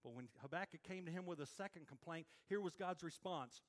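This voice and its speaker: A man preaching a sermon as pastor, animated and playful, with quick swings between loud and soft. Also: a little high.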